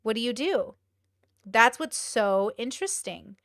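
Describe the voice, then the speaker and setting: A young woman hosts a casual live stream, her voice sitting slightly high. She talks bluntly and swears freely, piling up rhetorical questions. The sound is dry and close. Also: lively intonation, measured pace, creaky, fairly bright tone, dry recording. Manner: blunt, profane and exclaiming. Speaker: streamer host.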